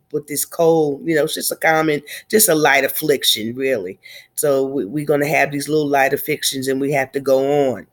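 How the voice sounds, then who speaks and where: A woman in her fifties, slightly nasal from a cold, speaking haltingly through grief in a personal video diary. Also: low voice. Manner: tearful, halting, reflective. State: congested from a cold. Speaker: vlogger.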